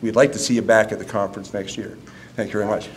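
A man's voice: lowish voice, fast, heavy background noise. A man in his fifties, a school counselor, giving a humorous conference talk that turns earnest. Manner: animated storyteller, laughing, then earnest. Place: conference room.

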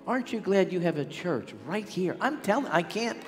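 Calling out to the crowd, an older healing evangelist from the Pittsburgh area delivers an exhorting revival sermon in a high, animated voice at normal speed. He is recorded in a large church sanctuary whose reverberant hall carries music.

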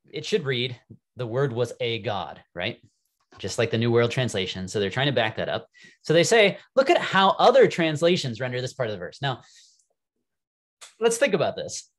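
A young adult man teaching a Bible class, animated and wry, thinking aloud as he goes. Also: fairly low pitch. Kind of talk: classroom lecture.

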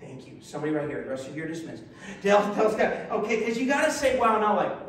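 High-voiced preacher in an echoey hall. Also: male voice, normal speed, distant mic. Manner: lively, exclamatory, joking with the congregation. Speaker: pastor. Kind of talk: sermon, reading scripture with congregation call-and-response. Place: church sanctuary. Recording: very echoey hall, voice from afar, faint hiss.

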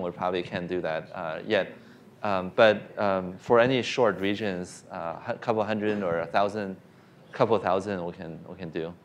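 A man's voice: on the low side, slight background noise. A man giving a science lecture and answering questions, hesitant with frequent fillers and restarts. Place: lecture hall.

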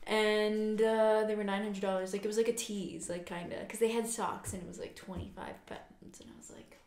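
A woman's voice: medium pitch, level tone, normal speed, few pauses, darkish tone. Woman, casual podcast chat, filler-heavy, laughing, echoey room. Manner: chatty, says "like" a lot, laughs often. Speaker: podcast co-host. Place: quiet room at home.

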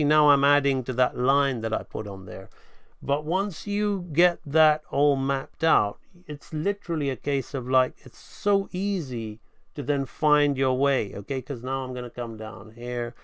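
A man's voice: mid-range voice, creaky, fairly bright tone, smooth, no echo, studio quality. A man giving a rambling live drawing tutorial, thinking aloud and correcting himself as he sketches at his home setup. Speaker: animation instructor.

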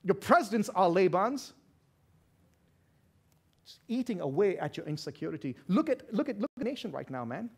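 A pastor preaching a sermon with a non-native accent, loud and passionate, swinging from shouts to hushed asides. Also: male voice, high-pitched, sing-song, normal speed, creaky, pauses often, husky. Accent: non-native English accent.

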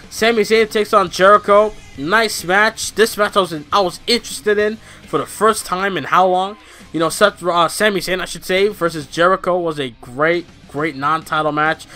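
A man talks through a casual review in a rambling, profane style. He works himself up into animated rants. His voice is fairly high and bright, with faint music playing behind him. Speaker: wrestling reviewer.

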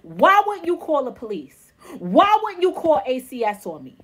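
A woman's voice: high-pitched, huge pitch swings, normal speed, fairly bright tone. A woman in her thirties, a mother venting in an exasperated, repetitive, pleading way in a vlog rant.

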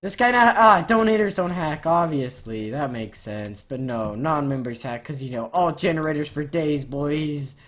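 A woman gamer giving profane, excitable gameplay commentary, ranting in loud outbursts while she plays. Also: low-pitched, normal speed, few pauses.

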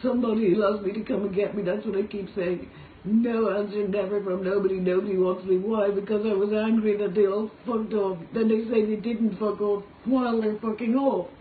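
A woman's voice: mid-range voice, level tone, a little fast. An Irish woman in a motel room, giving a raw, profane, pleading confessional monologue to a phone. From Ireland. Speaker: singer making a personal video. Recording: echoey, distant, tinny phone-like audio with faint noise.

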